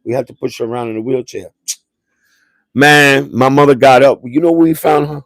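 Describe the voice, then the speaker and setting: A Puerto Rican man hosting a livestream tells a family story in a rambling, streetwise style, often restarting sentences and dropping slang. His voice is medium in pitch and steady in tone, the pace fairly quick, with no echo.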